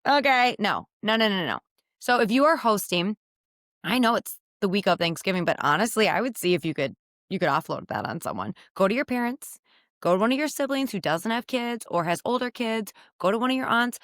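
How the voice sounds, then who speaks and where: A woman in her thirties talks candidly into a podcast microphone while sitting on her bed. Her voice sits at an ordinary middle pitch, and the sound is dry and close. She keeps the tone casual and lively, full of quick asides. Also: no echo. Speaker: podcast host. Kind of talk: casual solo podcast chat.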